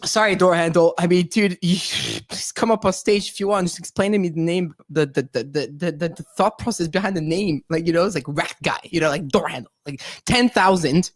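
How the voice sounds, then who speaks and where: A woman's voice: lowish voice, fairly quick, hardly any pauses, no room sound. A woman from Canada hosting a live online talk show in a slangy, giggly way, swearing freely. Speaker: host.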